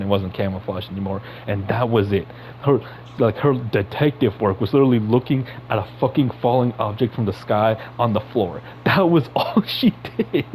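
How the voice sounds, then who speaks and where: A man ranting in casual commentary, heated and profane, his voice jumping into high outbursts. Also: darkish tone, slight background noise, low-quality recording. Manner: heated, swearing, sudden high-pitched outbursts. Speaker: podcast host.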